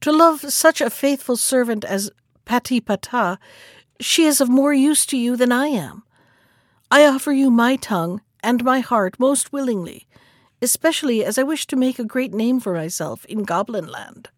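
A woman's voice: a little high, expressive, normal speed, dry recording, clean studio sound. A woman reading the part of an eager female pet monkey who speaks in a boastful way.

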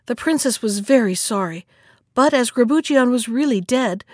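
A woman narrating a fairy tale in a calm, measured reading voice. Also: fairly high pitch, no echo, clean studio sound. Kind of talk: scripted storybook narration.

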